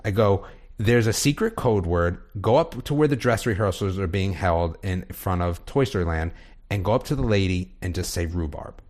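A man's voice: deep voice, expressive, moderate pace, a little mellow. A man on a casual podcast telling a story with lots of energy, acting out the voices of the people in it and laughing often.

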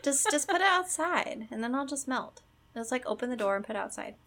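Easygoing woman with a gravelly edge. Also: sits high, lively intonation, brisk, a bit bright. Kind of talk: casual chat among friends.

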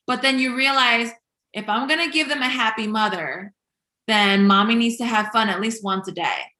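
A woman in her thirties speaks in a candid, chatty way, with plenty of fillers and small laughs. Her voice is bright and forward. The room around her rings with noticeable echo. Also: a little high, brisk. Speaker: working mother sharing experience. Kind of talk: candid conversational talk.

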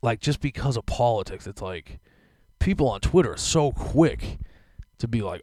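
A man's voice: fairly low pitch, moderate pace, a little mellow, no room sound. A young man hosting a podcast, ranting casually with lots of fillers and swearing. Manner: profane, rambling, filler-heavy. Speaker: podcast host. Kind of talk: casual rant.

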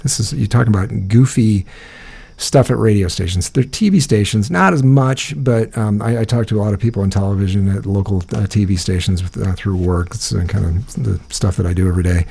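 A man's voice: on the low side, a little fast, creaky, warm tone, slightly rough. A man co-hosting a podcast, chatting casually and telling a rambling story full of fillers and restarts. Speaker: podcast co-host. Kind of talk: casual chat.

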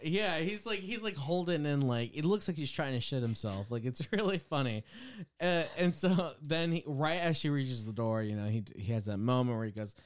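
A man's voice: fairly high pitch, animated, moderate pace. A man co-hosting a podcast, recapping a movie in casual chat and acting out lines in playful quoted voices. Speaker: podcast co-host.

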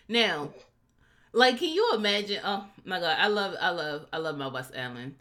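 A woman co-hosting a podcast in casual chat, recapping a TV episode and acting out quotes with big jumps in her voice. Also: moderate pace. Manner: animated, acts out quotes with big pitch jumps. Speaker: podcast co-host.

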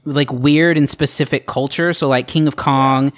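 His voice is medium-pitched and steady, moving at a moderate pace. In casual podcast chat as a co-host, he comes across rambling and hesitant, full of fillers and restarts, laughing along as he circles around his points before finally landing them.

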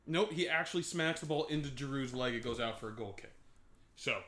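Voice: medium pitch, a little fast, a bit bright, reverberant, a little hiss or hum. A podcast host running a casual group chat, explaining things eagerly and laughing often.

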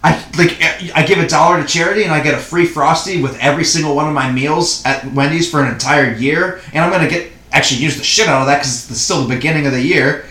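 A man's voice: a little high, fast, few pauses, bright, forceful tone. A man co-hosting a podcast, telling loose, profane stories and laughing at his own jokes. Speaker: podcast co-host. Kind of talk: casual podcast banter. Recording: echoey room with faint noise.

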